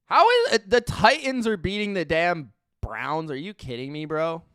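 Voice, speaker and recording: Bright-voiced excitable man calling a game. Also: a little high, moderate pace, clear, resonant tone. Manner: excitable, profane, swings from muttering to yelling; repeats himself in disbelief. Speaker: live stream sports reaction host. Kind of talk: live play-by-play and reaction commentary.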